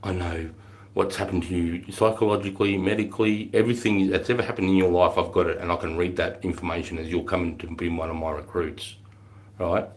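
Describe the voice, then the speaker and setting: A man's voice: deep voice, steady tone, brisk. A middle-aged Australian man, a former army recruit instructor, telling stories casually on a livestream in a blunt, profane way. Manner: blunt and profane, bursts into shouted drill-sergeant quotes.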